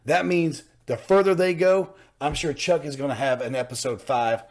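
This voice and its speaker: A man's voice: a little high, fairly even intonation, moderate pace. A man hosting a reaction channel, talking in an earnest, fired-up way and repeating himself for emphasis. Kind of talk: casual reaction commentary.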